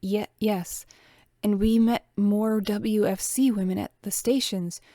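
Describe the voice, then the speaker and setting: A chatty young farm worker who recounts things matter-of-factly, read by a woman narrator. The voice is at an ordinary middle pitch. The recording is dry. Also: steady tone, slow pace, warm tone, dry recording, lightly acted.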